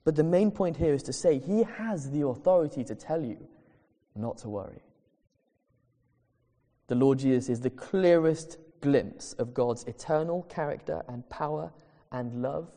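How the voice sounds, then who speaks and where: A man preaching in an earnest, emphatic way, drawing out the phrases he wants to land. His voice is dark and mellow, and long reverb from a large church hall rings behind every line. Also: a little high. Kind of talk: sermon.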